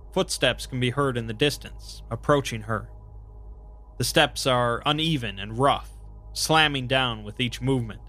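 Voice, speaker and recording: Young guy calmly reading out a horror story, bright kinda sharp voice, quiet music underneath. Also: mid-range voice. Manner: calm, measured retelling of horror events with brief personal asides. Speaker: narrator and channel host. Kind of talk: scripted narration with commentary.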